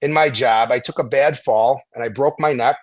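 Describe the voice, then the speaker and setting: A middle-aged man, a veteran and former firefighter, telling stories in a casual interview, animated and profane, acting out the people he quotes. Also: medium pitch, moderate pace, highs cut off.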